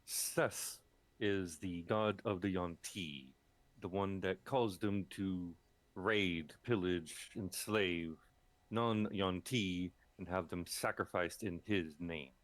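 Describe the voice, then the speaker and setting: A man playing a tabletop game who speaks in a measured, formal manner in character. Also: deep voice, fairly bright tone, no room sound. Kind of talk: in-character role-play.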